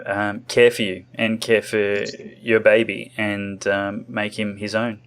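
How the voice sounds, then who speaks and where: A man hosting an interview, speaking haltingly with many restarts. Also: on the low side, flat delivery, clean tone. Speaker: interview host. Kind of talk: interview conversation.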